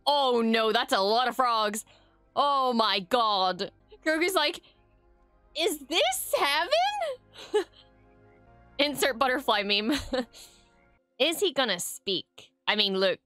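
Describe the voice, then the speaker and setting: A woman reacting to an episode in a very bright, high voice that swoops widely. She gasps, laughs and swears while gushing, and leaves slow pauses between outbursts. Faint music plays underneath, and the sound is dry and close. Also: expressive, smooth. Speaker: reaction video host. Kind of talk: excited live reaction commentary. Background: faint show soundtrack.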